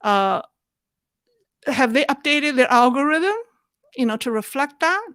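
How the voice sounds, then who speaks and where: A woman hosts a live chat, answering viewer questions at a slow, unhurried pace. Her voice sits a little high, and she talks in a thoughtful, halting way. The sound is dry and close, with no room around it. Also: expressive, clear, resonant tone, no room sound. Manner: thoughtful, halting, with restarts and soft laughs. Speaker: host of a live Q&A show.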